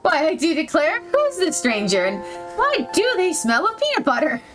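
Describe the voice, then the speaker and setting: A woman's voice: sits high, wildly swooping pitch, moderate pace, loud music behind the voice, pitched above the performer's own voice. A woman putting on a drawling Southern country stranger. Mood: teasing. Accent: American Southern, put on. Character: folksy country stranger greeting a newcomer.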